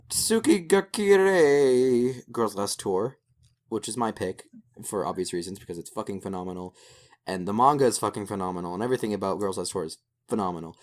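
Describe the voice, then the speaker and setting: A man co-hosting a casual podcast, swearing freely and joking around as he runs through a list. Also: fairly low pitch. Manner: animated, swears casually, salty jokes. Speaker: podcast co-host.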